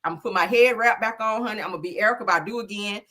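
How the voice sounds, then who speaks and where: The host of a celebrity gossip show delivers a casual comedic monologue, sassy and melodramatic, calling on the Lord and Jesus and forever addressing listeners as child, honey and girl. Her mid-range voice is pushed and bright, and she speaks at a racing pace. A little hiss or hum sits under the recording.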